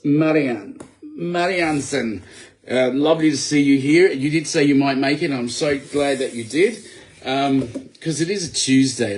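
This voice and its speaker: A man, an author, talking casually on a late-night live video chat, rambling with many fillers and restarts in a gravelly voice. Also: darkish tone. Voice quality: gravelly, low voice. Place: home at night. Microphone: computer or phone for live video.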